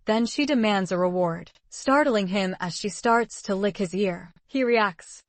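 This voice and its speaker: A woman reading a story recap aloud in an even storytelling voice, voicing the dialogue herself. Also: mid-range voice, no room sound. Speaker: recap narrator. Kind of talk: scripted narration.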